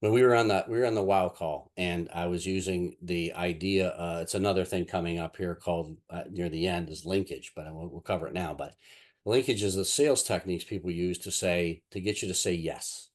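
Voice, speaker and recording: Low deep-voiced guy teaching, rambly, lots of um and you know, telling stories. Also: fairly even intonation, fairly quick. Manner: rambling, many fillers and restarts. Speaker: NLP instructor. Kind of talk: casual teaching talk with anecdotes.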